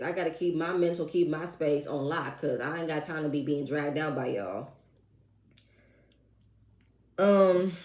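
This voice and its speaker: Sassy woman recapping reality TV. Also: on the low side. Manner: sassy, expressive, with slangy asides. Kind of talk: casual TV recap commentary. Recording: echoey room.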